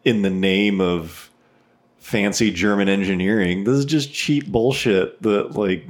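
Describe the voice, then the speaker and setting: Man, fairly low voice, laid-back podcast chat, profane, lots of fillers. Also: a little slow. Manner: relaxed, profane, many "like" fillers. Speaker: podcast co-host. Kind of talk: casual chat.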